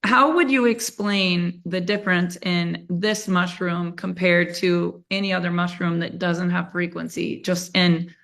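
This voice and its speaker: A woman's voice: fairly low pitch, steady tone, a little slow, gravelly, few pauses, a bit bright. A woman hosting a live stream, asking her guest questions enthusiastically. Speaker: host.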